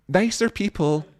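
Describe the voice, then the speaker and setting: A man's voice: high voice, dry recording, studio quality. A man hosting a livestream, chatting casually in a rambling, joking way and reading out viewer comments. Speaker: livestream host.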